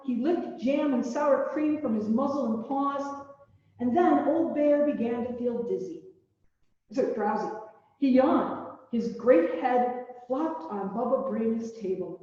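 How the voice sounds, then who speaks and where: A woman reading a children's story aloud at a church service, gentle and expressive. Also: fairly high pitch, unhurried. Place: large echoey church hall. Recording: distant, dull, echoey hall recording.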